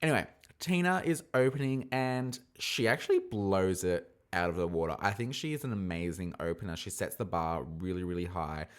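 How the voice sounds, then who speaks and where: A man hosting a casual review podcast, talking in a gossipy, animated way with sudden excited squeals. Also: low-pitched, moderate pace, clear, resonant tone. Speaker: podcast host reviewing a drag competition.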